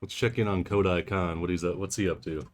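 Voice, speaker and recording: A man playing in a tabletop game, explaining his character's thinking in a measured way. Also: low voice, steady tone, soft background music. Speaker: player. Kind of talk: casual chat in character talk.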